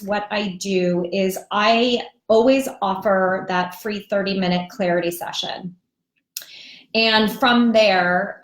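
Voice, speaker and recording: Chatty woman coach in an echoey room. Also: medium pitch. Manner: chatty, lots of ums and you-knows. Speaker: divorce recovery coach. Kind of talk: live webinar teaching. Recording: roomy echoey sound.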